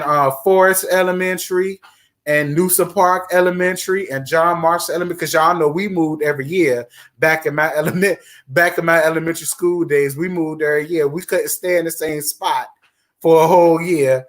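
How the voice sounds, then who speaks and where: Man around forty, raised pitch, chatty livestream host, emphatic repetition. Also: fairly bright tone. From Virginia, USA. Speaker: host of a live chat stream. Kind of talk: casual livestream chat, reading viewer comments.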